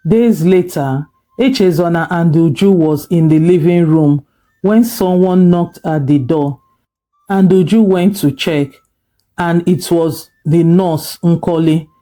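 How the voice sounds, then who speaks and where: A storyteller reading a folk tale in a slow, measured delivery. The voice is very dark and mellow. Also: mid-range voice. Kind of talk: scripted folk-tale narration.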